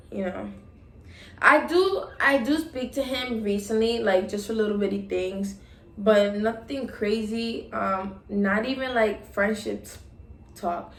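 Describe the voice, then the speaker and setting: Young woman rambling through a storytime, roomy sound. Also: mid-range voice. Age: young adult. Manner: rambling, many ums and likes, retelling dialogue. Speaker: vlogger. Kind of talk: casual storytime monologue. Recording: roomy echo.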